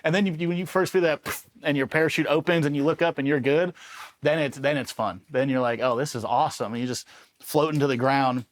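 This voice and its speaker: Speaking fast in a voice on the high side, this Los Angeles man, an Army Ranger veteran, shares war stories as a guest in a casual, lively interview. He curses freely and imitates the people he quotes.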